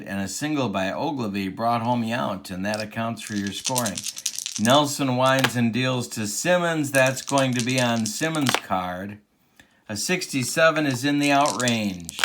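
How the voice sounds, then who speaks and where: A man from Central Illinois calls play-by-play for a replayed tabletop baseball game, using an announcer's cadence and openly rooting for his team. His voice is mid-range, and the background is noisy.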